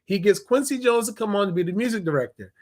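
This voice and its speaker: A young man in a casual review vlog, animated and slangy, laughing as he retells scenes. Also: sits high, fast talker. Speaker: TV episode reviewer.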